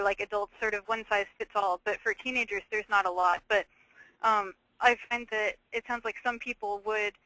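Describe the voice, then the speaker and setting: Teen girl guest, bright and dry-sounding, chatty with lots of filler words. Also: medium pitch, no room sound, low-quality recording. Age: teens. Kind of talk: webinar discussion.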